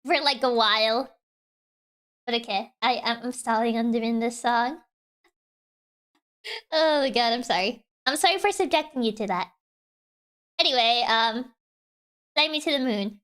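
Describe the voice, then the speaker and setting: A woman's voice: on the high side, measured pace, pauses often, fairly bright tone. A woman streamer chatting casually between karaoke songs, giggly and self-deprecating, rambling with fillers.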